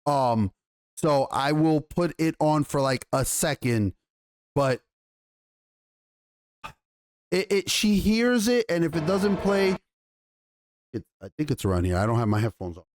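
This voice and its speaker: Exasperated male reviewer with a high voice, foul-mouthed, tripping over his words. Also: sing-song, moderate pace. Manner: exasperated, swears a lot, stumbles and restarts. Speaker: YouTube TV show reviewer. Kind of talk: profane ranting review.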